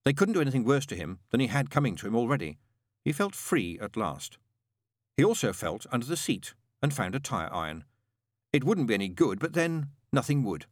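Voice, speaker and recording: A man narrating an audiobook in a dry, measured storytelling manner. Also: medium pitch, very animated, no room sound.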